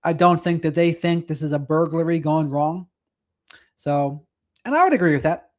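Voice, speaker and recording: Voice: mid-range voice, moderate pace. A co-host giving conversational, opinionated commentary. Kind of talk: casual commentary.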